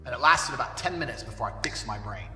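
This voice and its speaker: A man's voice: medium pitch, expressive, quick pace, pushed and bright. A man delivering a blunt, profane ranting monologue as an online commentator. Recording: echoey hall, voice far from mic, faint music.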